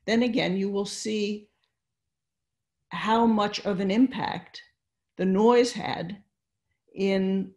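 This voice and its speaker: Older woman, unhurried lecturer on a video call, patient and explanatory. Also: mid-range voice, fairly even intonation, darkish tone. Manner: slow, explanatory, with fillers and restarts. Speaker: neuroscience lecturer. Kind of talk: online webinar lecture. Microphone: computer mic on video call.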